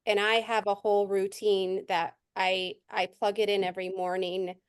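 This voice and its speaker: Soft, halting woman answering a medium. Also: mid-range voice, little pitch movement, smooth, dry recording, studio quality. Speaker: audience member at a reading.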